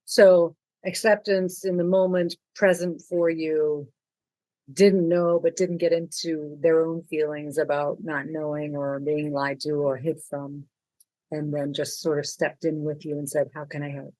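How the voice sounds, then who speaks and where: A podcast host of middle pitch interviews a guest, summarizing her words back to her before asking the next question. The recording is dry and close. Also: flat delivery, measured pace, dark tone, no room sound, poor audio.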